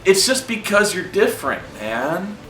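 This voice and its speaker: A man's voice: high voice, very animated, unhurried, voice pushed up, heavily acted. A man doing a drawling stoner caterpillar. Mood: laid-back. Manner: mellow, drawling, says "man". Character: laid-back stoner caterpillar, male, droning. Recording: roomy, distant mic, music under.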